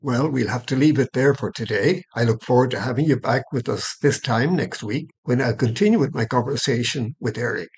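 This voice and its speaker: A man hosting a podcast interview, calm with brief prompts and a measured sign-off. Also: medium pitch, breathy edge. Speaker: podcast host.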